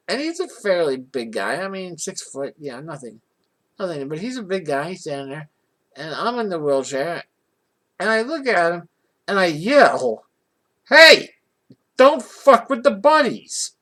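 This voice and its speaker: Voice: medium pitch, moderate pace. A vlogger telling a personal story in a casual, rambling way, with restarts and rising indignation. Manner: rambling and animated, with many restarts.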